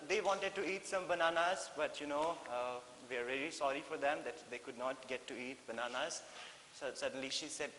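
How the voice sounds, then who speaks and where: A man's voice: fairly high pitch, sharp tone. Indian man teaching in an echoey classroom. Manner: explains slowly, repeating phrases with "okay?" checks. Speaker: English teacher. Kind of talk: textbook lesson explanation. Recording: echoey hall with faint hiss.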